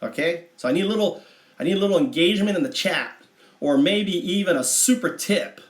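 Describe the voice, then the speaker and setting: A man telling a mythic story on a livestream, meandering and halting with many asides. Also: high-pitched, lively intonation. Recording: echoey room.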